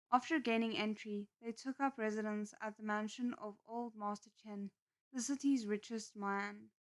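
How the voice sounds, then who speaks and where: Woman doing a live book readalong, slightly high voice, chatty asides. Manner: chatty, expressive asides between passages. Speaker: novel reader.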